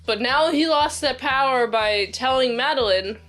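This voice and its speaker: A woman's voice: high-pitched, normal speed, a bit bright, soft background music. A young woman giving a casual, enthusiastic spoken review of a TV episode, rambling with lots of fillers and restarts. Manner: rambling, filler-heavy recap with frequent restarts; enthusiastic, talks back to the characters. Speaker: series reviewer.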